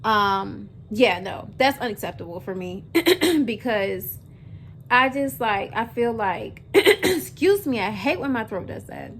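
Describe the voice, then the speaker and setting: Fairly high-pitched, a bit bright and very animated, this twenty-something vlogger speaks slowly as she chats straight to her viewers, addressing them as "y'all" and leaning heavily on fillers. Slight background noise can be heard.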